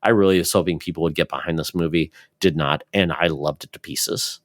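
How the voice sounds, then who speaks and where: A man's voice: sits low, fairly even intonation, a little fast, no room sound, studio quality. A man hosting a podcast, chatting casually and acting out quoted voices with animation. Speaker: podcast host. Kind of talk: casual chat.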